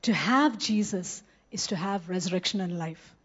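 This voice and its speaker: A woman giving a sermon, reading scripture and slowing down to stress key words. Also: lowish voice, breathy edge. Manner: earnest, slows down to stress scripture. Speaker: preacher. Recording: slightly muffled, lo-fi.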